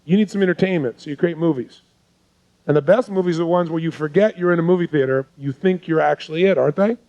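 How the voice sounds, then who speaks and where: Intense man coaching a seminar crowd, slightly high voice. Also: fast talker, mellow, muffled recording. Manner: intense, fires rhetorical questions at the audience. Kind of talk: live seminar teaching.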